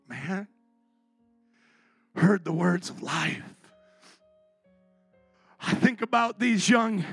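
Impassioned high-voiced gravelly pastor. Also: male voice, no echo. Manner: impassioned, swings from soft and tearful to shouting. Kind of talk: sermon.

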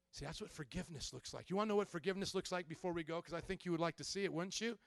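High-voiced man preaching a fiery sermon. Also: very fast, vocal fry, few pauses, no echo. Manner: preachy and confrontational, swings from quiet confession to shouting. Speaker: pastor.

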